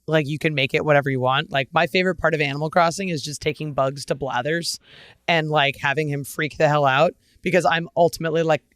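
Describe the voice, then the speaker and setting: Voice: mid-range voice, fairly even intonation, fast talker, fairly bright tone, clear, resonant tone, no room sound, studio quality. A podcast host chatting casually with a guest, upbeat, laughing often and teasing playfully. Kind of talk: casual interview chat.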